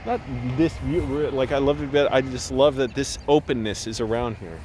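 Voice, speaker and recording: A man's voice: mid-range voice, moderate pace, background noise. A young man vlogging outdoors on a hillside while walking, rambling and swearing freely in a casual rant.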